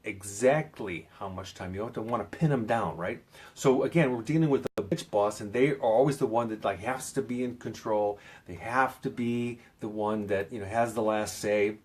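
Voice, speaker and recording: A man's voice: fairly low pitch, moderate pace. Male self-help coach, casual advice video, loose and rambling delivery, fillers and restarts, emphatic on key words.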